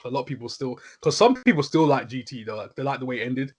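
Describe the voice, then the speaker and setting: A man's voice: medium pitch, fast, slightly rough. A young man chatting casually, rambling with lots of filler words as he talks. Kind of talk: casual chat.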